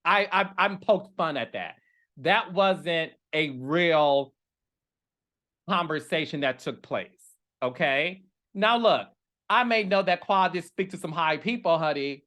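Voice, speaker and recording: A man's voice: a little high, expressive, slow, sharp tone. A man hosting a podcast in casual commentary, talking in a sassy, emphatic way and often tagging his points with "okay?" and "honey". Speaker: podcast host.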